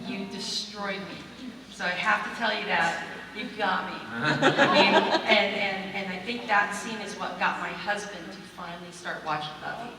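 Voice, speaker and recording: A woman's voice: mid-range voice, moderate pace. A woman moderating a convention panel, speaking as an emotional, gushing fan. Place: large convention hall. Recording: echoey hall from far off, noisy.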